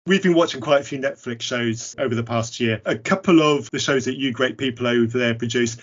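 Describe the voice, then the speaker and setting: A man's voice: mid-range voice, brisk, dull audio. An English man hosting a podcast, talking casually in a candid, wry, self-deprecating way. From England. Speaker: podcast host. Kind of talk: casual conversation.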